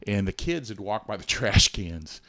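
A middle-aged man co-hosting a podcast, telling a personal story in an earnest, animated way with many restarts. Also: fairly low pitch, moderate pace, no room sound, studio quality. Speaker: podcast co-host. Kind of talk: casual storytelling chat.

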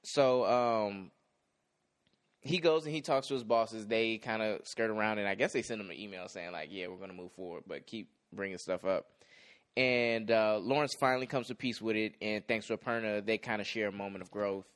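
A young man co-hosting a casual podcast, talking in a relaxed, easygoing way with many fillers. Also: lowish voice, normal speed, clear, resonant tone. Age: young adult. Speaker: podcast co-host. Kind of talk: casual chat recapping a TV episode.

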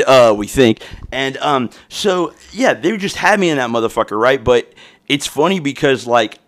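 A young man hosting a podcast, telling a story in a loose, profane, rambling way with frequent restarts. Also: mid-range voice. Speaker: podcast host.

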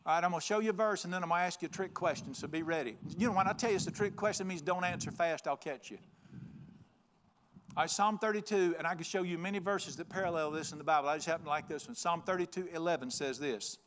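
A man's voice: on the high side, quick pace, fairly bright tone, a little hiss or hum. A man preaching a folksy, joking, emphatic sermon. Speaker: pastor.

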